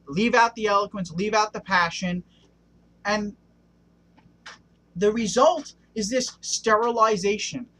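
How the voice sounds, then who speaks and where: A man delivers an impassioned one-take rant to camera, his voice sitting high for a man. He keeps checking in with the viewer with a questioning "okay?" as he builds his case. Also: a bit bright, poor audio. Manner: passionate, keeps asking "okay?". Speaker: vlogger. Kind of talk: ranting one-take monologue.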